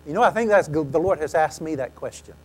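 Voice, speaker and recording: A man preaching a sermon, telling stories animatedly and acting out quoted lines, often clearing his throat. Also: a little high, animated, fast talker, rough recording.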